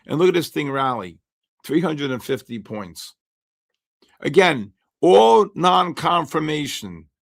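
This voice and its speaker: A hoarse man hosting a live trading stream, chatting with viewers by name while he calls trades. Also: fairly high pitch, slow. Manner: animated, greets chat by name while calling trades. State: hoarse, losing his voice. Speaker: livestream host and futures trader.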